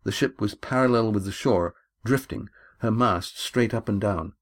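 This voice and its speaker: Low-voiced man reading his own novel. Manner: measured, steady storytelling. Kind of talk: audiobook narration.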